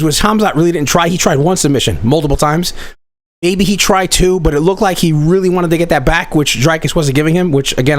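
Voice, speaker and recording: A man's voice: high voice, no echo. A man hosting a live online chat, giving blunt, profane, rambling commentary on a fight. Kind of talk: casual livestream commentary.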